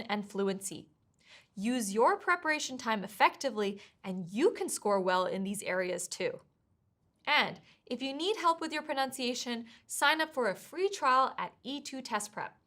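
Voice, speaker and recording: A woman with a fairly high voice gives scripted test prep lessons. She speaks in a clear, measured, encouraging way, walking through each tip step by step. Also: fairly bright tone. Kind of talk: scripted instructional narration.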